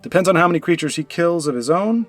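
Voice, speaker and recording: Lively, chatty man talking through a game. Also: a little high, fast talker, soft background music. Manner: chatty, thinks aloud, frequent restarts and fillers. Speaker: streamer and card game player. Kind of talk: casual gameplay commentary.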